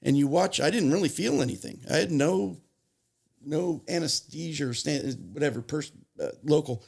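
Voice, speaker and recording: A man telling his recovery story as a podcast guest, halting and restarting as he goes, plainly moved as he recalls it. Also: fairly high pitch, gravelly, darkish tone, breathy edge. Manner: halting, restarts and self-corrections, emotional retelling. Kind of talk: personal storytelling.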